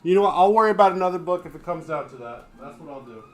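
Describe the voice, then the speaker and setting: A man's voice: on the high side, lively intonation, rapid-fire, soft background music. A man hosting a casual livestream, chatting in a rambling way with his viewers and his dogs. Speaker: livestream host.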